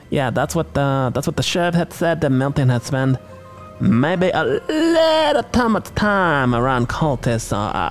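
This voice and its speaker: A male podcast host giving a comedic movie recap, excited, rambling and sarcastic. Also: medium pitch.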